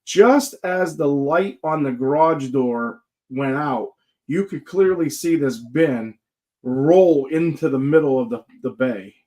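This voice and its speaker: A man's voice: on the high side, slow, darkish tone. Joking, rambling storyteller man. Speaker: guest paranormal investigator. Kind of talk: casual storytelling chat.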